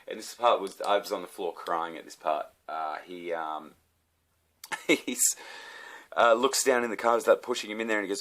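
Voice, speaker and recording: A man's voice: on the low side, a little fast, fairly bright tone. A man with an Australian accent, ranting and rambling casually to camera, swearing a lot. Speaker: vlogger.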